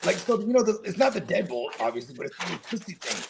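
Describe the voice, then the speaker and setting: A young man co-hosting a football watch party, telling animated stories in casual chat and swearing freely. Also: high voice, quick pace, gravelly, noisy background.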